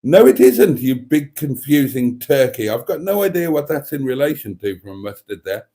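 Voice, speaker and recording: A man's voice: medium pitch, animated, normal speed, dark tone. A man hosting a casual livestream, reading viewer comments aloud and rambling with dry, self-mocking humour. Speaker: livestream host.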